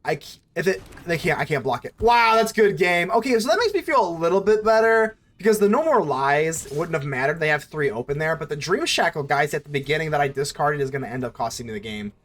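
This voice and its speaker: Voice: medium pitch, lively intonation, fairly quick, few pauses, a bit bright. A card game streamer thinking aloud through a match, fretting and scolding themselves over mistakes in casual commentary.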